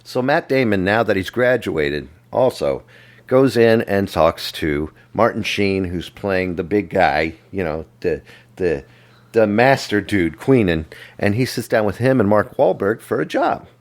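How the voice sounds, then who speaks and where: A man with a very low voice, talking casually on a movie podcast. He meanders through the story and makes fun of himself as he goes. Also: animated. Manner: rambling, self-mocking recap with quick jokes. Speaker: podcast co-host.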